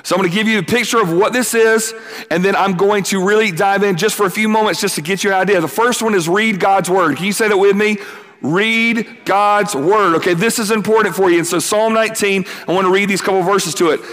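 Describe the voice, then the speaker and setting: A man giving a youth camp sermon, energetic and quick, acting out quotes and calling on the crowd to answer back. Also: high-pitched. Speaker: camp speaker. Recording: long hall reverb.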